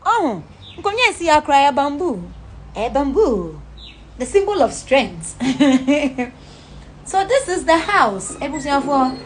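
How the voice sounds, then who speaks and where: High-pitched and casual, a young Ghanaian-accented woman, a celebrity, walks the camera through her home in animated talk. She is blunt and swears, mixing Pidgin and Twi, and the recording carries a little hiss or hum.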